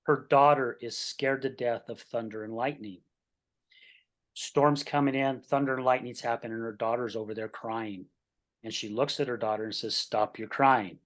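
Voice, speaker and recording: A man's voice: medium pitch, normal speed. A man hosting an interview show, telling stories animatedly and checking in with frequent "right?". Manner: animated storyteller, keeps asking "right?". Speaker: podcast host. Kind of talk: interview conversation with storytelling.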